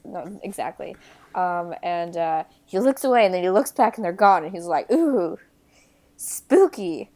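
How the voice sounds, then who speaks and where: A woman co-hosting a casual movie podcast, with a dry, deadpan delivery. She backs up her partner with steady agreement and mocks the film's cheap effects. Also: lowish voice, normal speed. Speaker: podcast co-host. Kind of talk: casual movie-recap chat.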